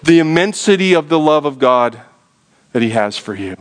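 In a sermon, a male pastor tells a story in a hushed, low voice before rising into an urgent, high preaching tone. His intonation is lively and his pace moderate.

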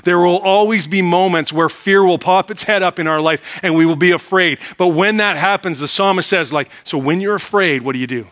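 A middle-aged pastor delivers a sermon emphatically, putting rhetorical questions to the congregation and dropping to a hush to drive a point home. His voice is on the high side.

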